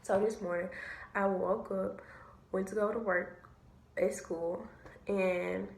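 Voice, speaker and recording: A young woman telling a story to camera, animated and slangy, swearing freely. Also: medium pitch, slow, vocal fry. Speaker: vlogger. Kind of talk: casual storytime. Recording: echoey room.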